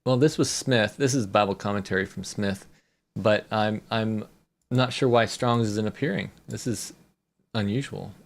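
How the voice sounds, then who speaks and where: A co-host in a casual Bible discussion, relaxed, mostly giving short agreeing replies. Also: medium pitch, moderate pace, gravelly. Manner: relaxed, brief agreeing replies, light laughter. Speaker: co-host reading from Bible software.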